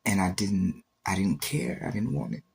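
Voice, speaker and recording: A man's voice: low voice, animated, moderate pace, gravelly, husky. A man on a livestream giving an intense, emotional faith testimony, repeating himself and acting out quoted exchanges.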